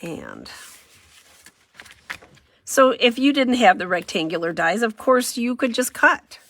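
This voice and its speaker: A woman's voice: on the high side, lively intonation, takes it slowly, a bit bright. A woman running a casual crafting demo, chatty and self-deprecating, thinking aloud as she works. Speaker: craft demonstrator.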